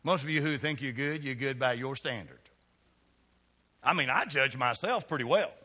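Kentucky pastor guy preaching, folksy, ribbing folks by name, bright voice, big echoey church. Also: medium pitch, moderate pace, husky. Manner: folksy, teasing congregation members by name. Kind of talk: sermon. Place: church sanctuary.

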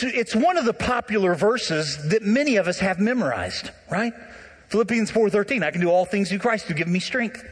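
A pastor preaches an animated sermon directly to his congregation, his slightly high voice carrying a faint husky edge. Every phrase trails off into the long reverb of the church sanctuary.

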